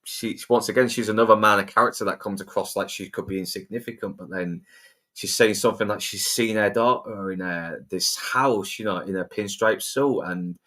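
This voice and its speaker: A man's voice: fairly low pitch, normal speed, sharp tone. A man co-hosting a casual film-discussion podcast, rambling, swearing freely and restarting his sentences. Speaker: podcast co-host.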